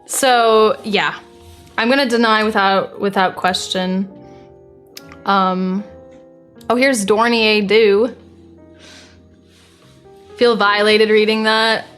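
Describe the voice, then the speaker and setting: With a medium-pitched, steady, slightly bright voice that's clear and resonant, a young woman streamer from the United States reads viewer messages with soft music behind her. Her manner is blunt, exasperated, and quick to deny.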